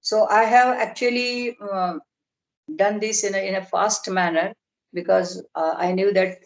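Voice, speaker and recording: Woman giving a measured online lecture. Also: medium pitch, fairly even intonation, low-quality recording. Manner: measured, explanatory, slow on terms. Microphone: video call.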